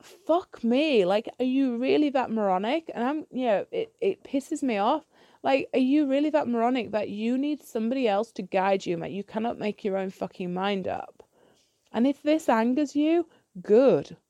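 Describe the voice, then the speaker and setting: A woman's voice: on the high side, lively intonation, normal speed, mellow, no echo, lo-fi sound. A woman ranting bluntly in a solo podcast monologue, swearing freely and restarting her sentences when heated. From United Kingdom. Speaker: podcast host.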